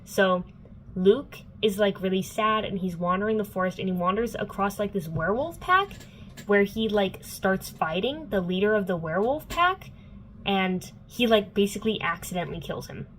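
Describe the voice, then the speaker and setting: A woman's voice: medium pitch, expressive, moderate pace, fairly bright tone, a little hiss or hum, low-quality recording. Young woman rambling thru a book recap, lots of likes, snarky asides. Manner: chatty, filler-heavy, sarcastic asides. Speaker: book vlogger.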